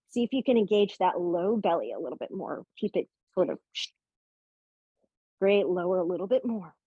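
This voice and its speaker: A woman's voice: medium pitch, mellow, no room sound. A woman guides a yoga class, cueing breath and poses with upbeat, playful asides. She talks while holding poses herself, and her voice sits in a middle range. The recording is dry and slightly muffled. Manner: upbeat and playful, with light jokes. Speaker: yoga instructor.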